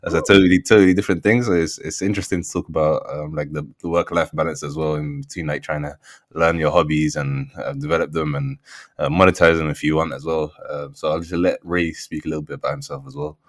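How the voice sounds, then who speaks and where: A man co-hosting a podcast, speaking in a relaxed, casual way with many fillers. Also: rumbling low, fast talker, no room sound, studio quality. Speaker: podcast co-host. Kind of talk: casual chat.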